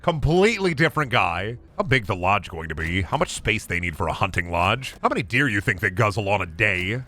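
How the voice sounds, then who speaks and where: A young man streaming a game, chatting casually in a goofy, animated way and jumping into bits. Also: lowish voice, a little fast, few pauses. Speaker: gaming streamer. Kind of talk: casual live-stream commentary.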